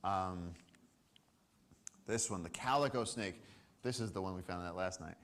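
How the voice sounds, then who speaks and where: A man with a fairly low voice tells field stories to a live audience from a summit stage. He talks in an animated way and acts out the people he quotes. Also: a little slow. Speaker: conservation speaker. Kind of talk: storytelling talk to a live audience.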